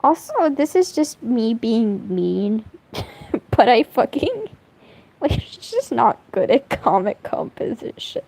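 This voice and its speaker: Animated rambling young woman streamer. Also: a little high, slow, gravelly, slightly rough, poor audio. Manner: rambling, animated, swears a lot, laughs often. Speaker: streamer drawing fan art. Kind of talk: casual chat while drawing.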